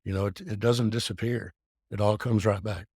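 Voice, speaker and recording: A man's voice: fairly low pitch, steady tone, normal speed, a little mellow, slightly rough, no echo, studio quality. A man in his forties speaking candidly as a podcast guest, earnest and open, with frequent fillers and restarts. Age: 40s. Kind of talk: casual podcast talk.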